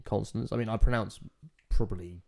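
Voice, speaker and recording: A man's voice: on the low side, brisk, creaky, darkish tone. A young man with a Reading accent hosting a casual podcast chat, laid-back and casually sweary. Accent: Reading, England.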